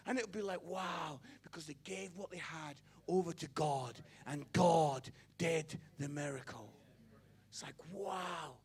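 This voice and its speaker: A young adult man preaching a passionate sermon as an evangelist. He swings from loud exclamations to hushed tones and often stammers and repeats words. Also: sits high, breathy edge.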